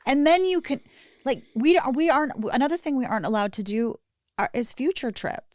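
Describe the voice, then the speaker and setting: A woman's voice: high voice, animated, brisk, a little mellow, no echo, studio quality. A woman co-hosting a recovery podcast, speaking bluntly and candidly, swearing freely and laughing often. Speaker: podcast co-host, guest. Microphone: studio podcast mic.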